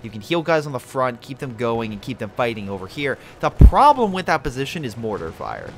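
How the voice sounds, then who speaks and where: Male game caster, average pitch, very lively delivery, casual and profane. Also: fairly quick, noisy background. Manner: animated, swears, talks to the players. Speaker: game commentator. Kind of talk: casual gameplay commentary.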